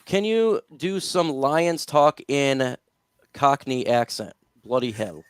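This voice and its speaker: A man's voice: a little high, expressive, takes it slowly, smooth, dry recording, studio quality. A man hosting a casual sports talk livestream, upbeat, plugging his radio spot between takes. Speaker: host.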